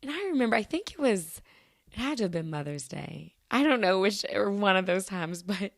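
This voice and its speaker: A woman's voice: mid-range voice, animated, normal speed, creaky, no echo, clean studio sound. Chatty woman rambling through stories. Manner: chatty, rambling storyteller with many restarts. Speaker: podcast host. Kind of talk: casual solo podcast chat.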